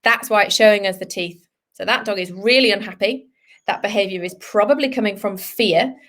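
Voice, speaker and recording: A woman vet giving an online lesson to children, lively and encouraging, sometimes voicing what a dog is thinking. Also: medium pitch, brisk. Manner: lively, speaks to children, voices the dog's thoughts. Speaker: veterinarian teaching children.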